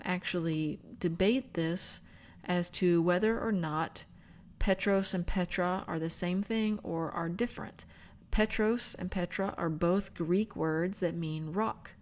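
A woman hosting a book club video, explaining scripture and spelling out words in an unhurried teaching manner. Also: lowish voice, a little mellow. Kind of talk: bible study teaching.

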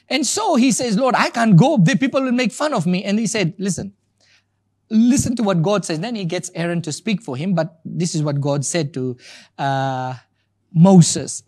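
Male preacher, emphatic and repetitive, with a lively, swinging delivery. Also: a little high. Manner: emphatic and repetitive, stressing key words. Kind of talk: sermon.

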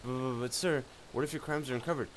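A man voicing a small, earnest, excitable male soldier in a game, stammering and flustered. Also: mid-range voice, fast, a little hiss or hum, voice pushed up, lightly acted. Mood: alarmed. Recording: game music loud underneath.

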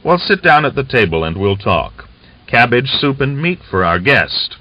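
A man's voice: medium pitch, big pitch swings, normal speed, voice pushed up. A man reading aloud, voicing a scheming, boastful Cossack rebel leader who talks with coaxing, smug confidence, on a dull lo-fi recording.

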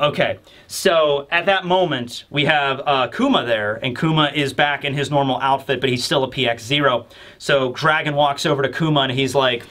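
A man's voice: mid-range voice, moderate pace, pushed and bright. A man hosting a casual manga chapter review, rambling and chatty with many fillers.

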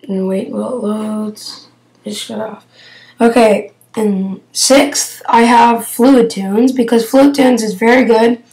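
A young female vlogger chats about her favourite apps in a hesitant, filler-heavy way. Her voice sits a little high, and she talks slowly. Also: fairly even intonation, darkish tone, poor audio. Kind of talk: casual app review.

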